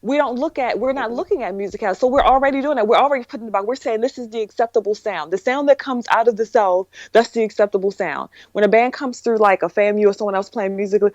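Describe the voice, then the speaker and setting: A woman's voice: fairly high pitch, lively intonation, fast talker, hardly any pauses, a little mellow, no echo. An opinionated woman talks emphatically in a casual podcast panel. Her voice comes through slightly dull and lo-fi, with a dry, close sound and no room around it. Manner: emphatic, opinionated, laughs between points. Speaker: podcast co-host.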